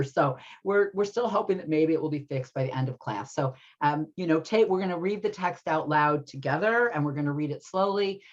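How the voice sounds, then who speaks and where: A woman teaching an adult ethics class online, talking in a chatty way with lots of fillers and often checking in with "right?". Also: deep voice. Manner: chatty, many fillers, keeps asking "right?". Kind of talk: conversational online class lecture. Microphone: video call. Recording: dull lo-fi video call audio.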